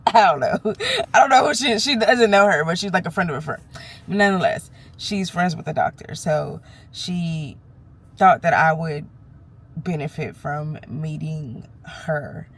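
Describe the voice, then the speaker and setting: A woman's voice: deep voice, measured pace, slightly rough. A woman vlogging candidly while nervous, telling a fired-up, frank story with cursing. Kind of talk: candid vlog. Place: parked car or doctor's office.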